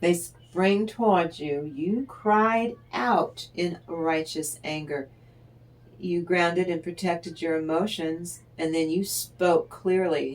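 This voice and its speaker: A woman giving a tarot reading, talking straight to the listener in an encouraging, unhurried way and laughing often. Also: lowish voice. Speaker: tarot reader. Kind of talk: tarot card reading to the viewer.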